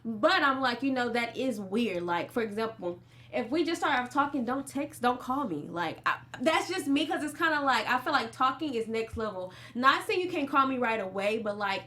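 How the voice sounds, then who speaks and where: Animated woman hosting a chatty panel. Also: a little high, moderate pace. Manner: chatty, laughing, slangy. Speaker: host. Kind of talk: casual panel chat.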